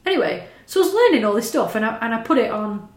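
A woman's voice: fairly high pitch, very animated, fast, roomy sound. A woman, chatting casually as a podcast co-host, swearing and laughing as she talks. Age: 30s. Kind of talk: casual chat.

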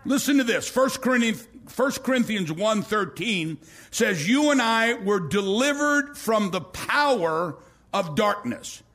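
Male pastor, high voice, animated storytelling sermon, shouts at peaks. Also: unhurried. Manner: storytelling, acts out quoted voices, rises to shouting.

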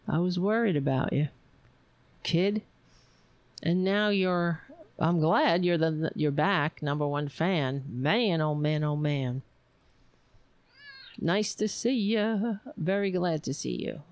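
A woman hosting a live stream, chatting casually in a rambling, halting way, reading viewer comments. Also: on the low side, no room sound. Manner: rambling, halting, laughs often, chatty with cats. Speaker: livestream host.

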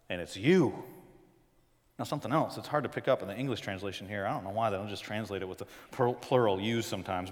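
A fairly high-voiced man from the northern US preaches to a congregation, animated and playful, jumping between soft asides and loud bursts. His voice rings with a long hall reverb, like a big church sanctuary. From northern United States. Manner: animated preaching with big swings in pitch and loudness, joking asides. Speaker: pastor. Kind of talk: sermon.

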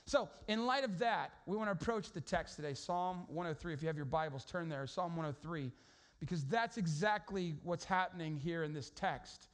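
Man, pastor, high voice, conversational sermon, storytelling, lots of restarts. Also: normal speed, a bit bright.

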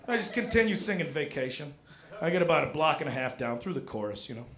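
A man telling a stand-up story, animated, now and then shouting out acted bits of dialogue. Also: a little high, fairly quick. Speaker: stand-up comedian. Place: comedy stage with a live audience. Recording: roomy live room with crowd laughter.

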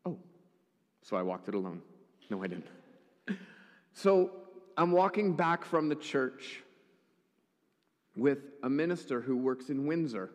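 Story-telling pastor in an echoey hall. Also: male voice, medium pitch, lively intonation, a little slow, long pauses. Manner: storytelling with wry humorous asides. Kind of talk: sermon.

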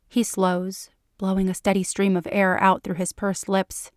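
Unhurried woman reading a story. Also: medium pitch, completely flat delivery, dry recording, clean studio sound. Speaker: podcast reader. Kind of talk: reading fan fiction aloud.

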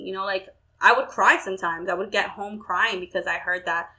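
A woman's voice: medium pitch, steady tone, brisk, pushed and bright, poor audio. A young woman in casual, candid chat who swears freely and acts out quoted conversations.

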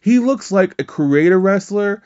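A man's voice: high voice, expressive, unhurried, darkish tone, dull audio. A man hosting a podcast, recapping wrestling in casual, rambling chat full of swearing and fillers. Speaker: podcast host.

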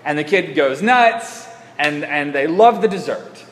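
A man's voice: on the high side, lively intonation, unhurried, a bit bright, slight background noise. A man preaching a sermon in a church, talking conversationally with frequent restarts. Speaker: pastor. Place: church sanctuary. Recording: echoey church hall.

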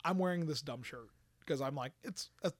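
A man casually telling a story on a podcast, animated and swearing, acting out quotes. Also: a little high, a little fast, no echo.

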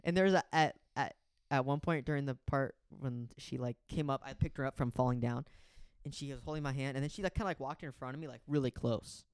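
A man's voice: mid-range voice, fast talker, clear, resonant tone, no room sound, studio quality. A young man in casual chat, telling a long story with lots of swearing, restarts and acted-out quotes. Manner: swears freely, rambling with restarts, acts out quotes.

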